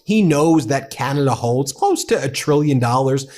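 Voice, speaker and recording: A man hosting an online commentary show, excited and mocking as he reacts to clips. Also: mid-range voice, normal speed. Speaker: political commentary host. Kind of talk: casual opinion commentary.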